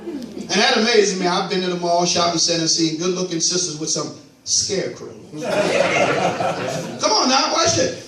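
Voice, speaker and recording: A male pastor preaching an animated sermon, repeating catchphrases to his congregation. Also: high voice, normal speed, long pauses, heavy background noise. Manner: animated call-and-response preaching, repeats "watch this". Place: church sanctuary. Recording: echoey church hall from far off.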